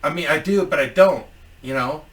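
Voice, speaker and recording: A man's voice: a little high, moderate pace, a bit bright, recorded from a distance. A man telling a story in a casual, profane, rambling vlog as a YouTuber.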